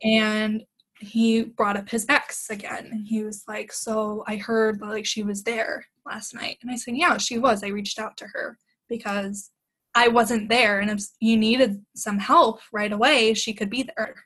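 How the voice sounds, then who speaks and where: A woman's voice: on the high side, flat delivery, measured pace, a bit bright, low-quality recording. A young woman, a podcast guest, retelling a bad date in casual chat, acting out quoted lines and laughing often.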